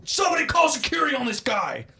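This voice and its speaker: A man voicing a short, half-bald, middle-aged store vigilante who yells orders and tries to sound big and tough. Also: very high-pitched, wildly swooping pitch, quick pace, vocal fry, background noise, voice pushed up, exaggerated voice. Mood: shouting.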